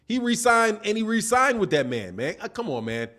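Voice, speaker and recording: A man's voice: high voice, moderate pace. A man hosting a boxing live stream, reading viewer chats and arguing his point with a string of rhetorical questions. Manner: animated, argumentative, asks repeated rhetorical questions. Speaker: boxing channel host.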